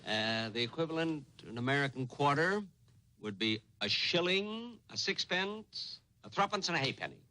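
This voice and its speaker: A fussy, deadpan tourist, as a comedian plays him in a 1950s TV sitcom. His bright voice swoops up and down as he counts slowly and hesitates. The sound has a faint hiss behind it. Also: on the high side. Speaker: comedian playing himself as a tourist.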